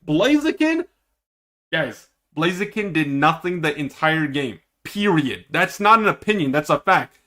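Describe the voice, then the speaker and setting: A male streamer reacting live to an esports match, ranting at the players in an animated, exasperated way. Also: a little high, normal speed, hardly any pauses.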